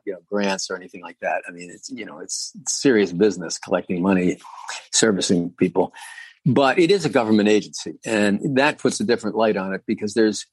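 A man's voice: on the low side, slightly rough, no room sound. A man being interviewed, answering at length in a thoughtful, rambling way with many fillers and restarts. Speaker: guest, former agency commissioner.

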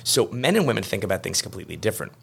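A man's voice: lowish voice, very animated, rapid-fire. A man, an attorney appearing as a podcast guest, who talks in rambling stories full of fillers and restarts. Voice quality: gravelly. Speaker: estate planning attorney, guest. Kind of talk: podcast interview conversation.

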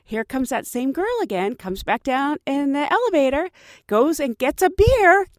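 A woman who works as a flight attendant, telling work stories in a casual, animated way and often laughing. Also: sits high, moderate pace, no room sound, studio quality. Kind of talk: casual storytelling.

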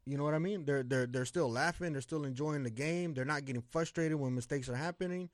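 A man talks football in a loose, excitable way, swearing freely and tripping over repeated words. His voice sits a little high for a man. The sound is dry and close, with almost no room around it. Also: fairly quick, no echo. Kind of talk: casual sports chat.

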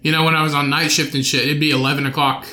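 A young man rants alone into his podcast mic, swearing freely and breaking off his own sentences. His voice is bright and a little high, with an edge to it. The room around him rings with echo. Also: level tone, rapid-fire. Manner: profane, rambling, self-interrupting. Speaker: podcast host. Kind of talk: solo podcast rant. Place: bedroom home studio with his dog.

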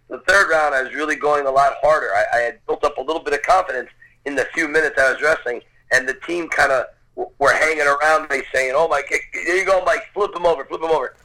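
A man recounts a childhood story in an earnest, conversational way, voicing the people he quotes as he goes. His voice is bright and forceful. The sound is thin, like a phone line or radio broadcast. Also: mid-range voice. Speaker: storyteller guest. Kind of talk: personal anecdote, casual storytelling.

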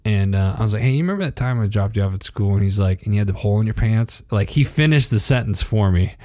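A man in his thirties co-hosting a podcast, telling a story in casual chat, laughing and acting out quotes in a higher voice. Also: expressive, quick pace, dark tone, no echo, studio quality. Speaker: podcast co-host.

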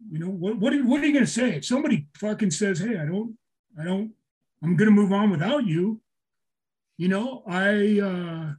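A man's voice: high-pitched, slightly rough. An older man telling a story in casual talk, swearing a lot, getting emotional and restarting his sentences. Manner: emotional, swears often, repeats himself. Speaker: storyteller guest.

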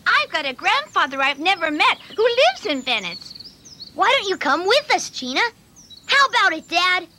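A woman voicing an excited young cartoon boy, eager and squealing. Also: extremely high pitch, moderate pace, slight background noise, heavily acted.

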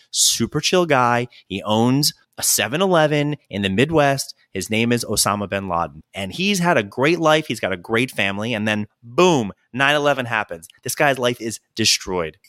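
Young male podcast host, lively solo monologue, dry close-miked sound. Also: no echo. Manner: animated storytelling, jumps into high squeaky voices for quoted people.

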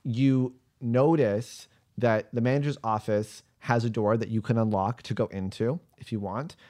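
A man's voice: mid-range voice, steady tone, normal speed, darkish tone. A man running a tabletop game as game master, narrating scenes casually with frequent fillers and restarts.

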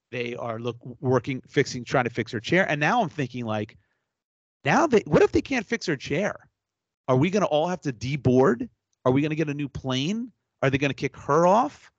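A man co-hosting a podcast, telling a story in an animated, exasperated rant with some swearing. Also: medium pitch, no room sound, muffled recording. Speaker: podcast co-host. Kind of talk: casual storytelling chat.

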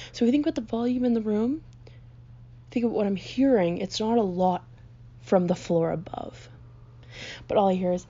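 Gravelly young woman ranting. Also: mid-range voice, mellow, lo-fi sound. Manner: profane, exasperated storytelling. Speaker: podcast host. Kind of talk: ranting podcast monologue. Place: her basement bedroom with a fan running.

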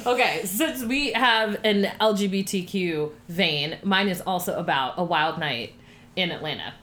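A woman from Miami co-hosting a casual chat show, telling a story in a chatty, expressive way. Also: fairly low pitch, measured pace. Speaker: podcast co-host.

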